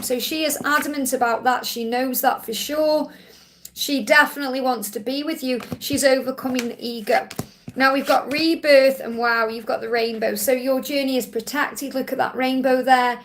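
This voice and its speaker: A woman's voice: high-pitched, fairly even intonation, moderate pace, slight background noise. A woman hosting a live Q&A stream, doing tarot readings in a soothing, reassuring way and repeating her key phrases.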